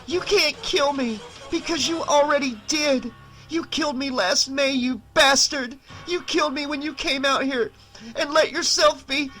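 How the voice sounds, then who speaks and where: A man reading an audiobook, voicing an enraged teenage girl with shrill, strained cries. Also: expressive, slow pace, bright, forceful tone, soft background music, full character voice. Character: furious teenage girl, screaming at her brother.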